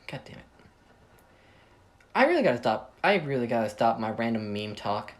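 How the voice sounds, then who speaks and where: A man reads his own fan story in a casual, rambling way, often cutting himself off and joking between scenes. His voice sounds a little tired, and his pitch jumps around a lot as he talks. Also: animated, moderate pace, pauses often. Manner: rambling, self-interrupting, jokey. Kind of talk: casual story reading with asides. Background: video game playing.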